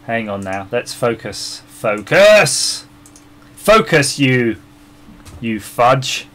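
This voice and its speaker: A man's voice: medium pitch, fairly even intonation, slow, fairly bright tone. A man hosting a live stream, chatting casually and laughing often as he works, with his microphone about three feet from him. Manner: chatty, laughs often, mutters while searching. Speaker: livestream host designing a circuit board. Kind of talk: casual live-stream chat while working. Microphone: microphone about three feet away.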